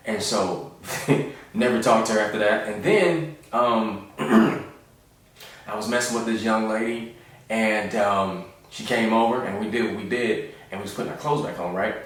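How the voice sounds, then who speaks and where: A man's voice: on the low side, a little slow, far from the mic. Laid-back joking man in an echoey room. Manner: laid-back, joking, acts out voices in his stories. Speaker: comedian. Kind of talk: casual storytelling monologue.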